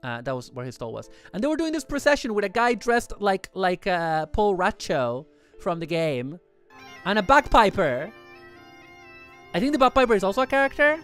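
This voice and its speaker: A livestream host chatting casually over photos in a rambling, excitable way, often correcting themselves mid-sentence. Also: medium pitch, moderate pace, smooth, faint music behind.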